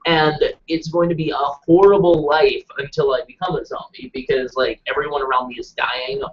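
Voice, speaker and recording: A man's voice: on the high side, moderate pace. A man chatting casually on a live stream, rambling and self-deprecating. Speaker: show regular. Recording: dull lo-fi webcast audio.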